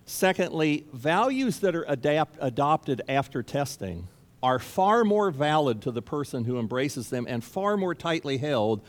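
A man's voice: a little high, very animated, a little slow. A man preaching a sermon as pastor, speaking emphatically and repeating key phrases for stress. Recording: long reverb of a large hall.

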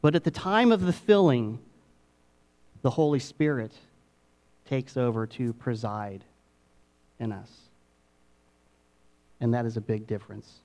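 A middle-aged man preaching a sermon, dropping to hushed asides and rising to emphatic peaks with dramatic pauses. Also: mid-range voice. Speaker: pastor.

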